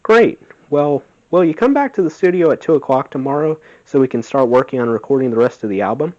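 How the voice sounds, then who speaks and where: A man's voice: mid-range voice, lively intonation, quick pace, a little mellow, voice pushed up, natural voice. A man voicing an enthusiastic young male rock bandleader making an offer. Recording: dull lo-fi sound.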